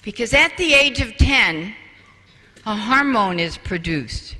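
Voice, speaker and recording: A man giving a parenting lecture to an audience, telling stories slowly and asking the room rhetorical questions, recorded in an echoey hall from far off. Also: high voice, lively intonation, bright, forceful tone. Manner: slow, storytelling delivery with rhetorical questions to the audience. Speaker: parenting speaker. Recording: echoey hall, voice far from mic, faint noise.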